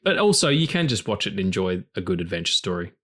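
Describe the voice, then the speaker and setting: A man's voice: low-pitched, big pitch swings, quick pace, fairly bright tone. A man hosting a film podcast in casual chat, rambling and philosophizing with frequent swearing. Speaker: podcast host.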